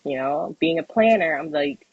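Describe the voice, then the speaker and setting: A young woman with a husky, breathy voice tells a personal story on a podcast and acts out the other people in it. The sound is close and dry with no room echo, and the audio is slightly dull and lo-fi. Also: sits low, moderate pace. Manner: animated, acts out quoted voices, laughs often. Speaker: podcast co-host.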